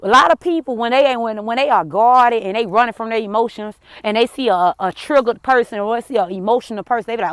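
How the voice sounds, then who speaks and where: A woman talks straight to her viewers in a fairly high voice, calling them friend and swearing freely. She swings between heated, raised outbursts and quiet, hushed stretches. The sound is dry and close, with no room echo. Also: quick pace, hardly any pauses, smooth. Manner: blunt, cursing, addresses viewers as friend. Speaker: vlogger. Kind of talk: emotional personal storytelling to camera.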